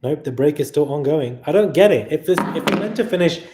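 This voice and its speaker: A tired man hosting a long live stream, chatting casually and reading out viewer messages, sometimes loud and sometimes quiet. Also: fairly high pitch, lively intonation, a little fast, background noise. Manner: chatty, laughing, shifts between loud and quiet. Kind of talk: casual live chat reading super chats.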